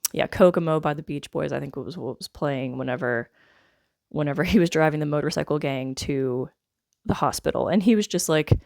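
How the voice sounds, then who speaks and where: Low, gravelly-voiced woman reviewing a movie. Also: brisk, darkish tone. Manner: rambling and wry, full of "like" and "I guess". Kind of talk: casual spoken film review.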